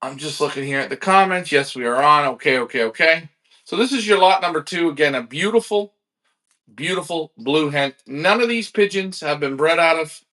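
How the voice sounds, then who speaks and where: A man's voice: a little high, moderate pace. Upbeat man hosting a livestream auction. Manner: energetic, salesy, talks straight to viewers. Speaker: livestream pigeon auction host. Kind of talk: live-streamed auction chat.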